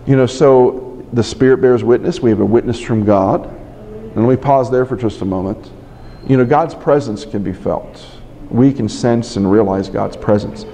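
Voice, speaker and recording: A man's voice: medium pitch, moderate pace, warm tone. A man preaching a sermon, telling a story earnestly and often restarting his words. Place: library conference room. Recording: long hall reverb.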